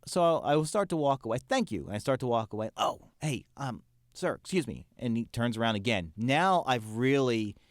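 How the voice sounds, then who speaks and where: A man telling a casual story on a podcast, with lively acted-out quotes. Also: medium pitch, normal speed, dry recording, studio quality. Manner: animated anecdote with acted quotes. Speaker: podcast guest.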